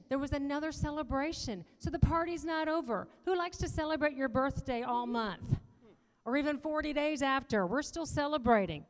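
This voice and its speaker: A middle-aged woman giving a sermon talk at a church panel, chatty with joking asides to the audience. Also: high-pitched. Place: church auditorium. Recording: long reverb of a large hall.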